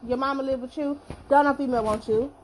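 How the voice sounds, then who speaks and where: A woman putting on a shrill, sassy voice that taunts a man. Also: steady tone, quick pace, a little mellow, slight background noise, close to an everyday voice. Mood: mocking. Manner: shrill, taunting, sing-song.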